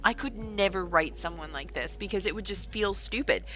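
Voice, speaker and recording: Bright-voiced woman reacting on a livestream. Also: medium pitch, normal speed, poor audio. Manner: animated, exclaiming in disbelief between read-out passages. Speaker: author livestreaming a writing session. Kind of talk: livestream, reading a news report aloud and reacting.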